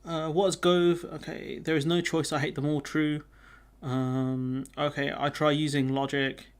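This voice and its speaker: A man's voice: on the high side, little pitch movement, unhurried, clean tone. A man hosting a casual live stream, chatting with viewers and reading their comments aloud. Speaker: livestream host.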